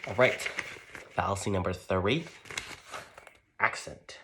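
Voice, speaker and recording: A man's voice: low voice, fairly even intonation, moderate pace, fairly bright tone. A young man giving a loose, rambling lesson, leaning on "like" and restarting his sentences. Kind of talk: casual explainer lesson.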